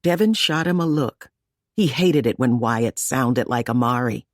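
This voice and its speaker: A woman reading an audiobook in measured scripted narration, giving each character a voice. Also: a bass voice, expressive, no room sound, clean studio sound.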